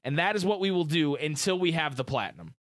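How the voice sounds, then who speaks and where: Chatty excitable man, lively high voice. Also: fast, no room sound, studio quality. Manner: chatty and excitable, uses gamer slang. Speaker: podcast co-host. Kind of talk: casual chat.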